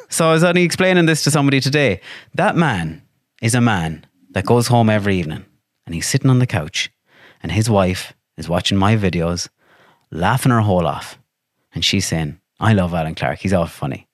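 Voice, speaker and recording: A man with an Irish accent, a podcast guest telling stories in lively, profane casual chat and acting out what people said. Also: on the low side, moderate pace, no echo, studio quality. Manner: animated, swears freely, acts out quotes.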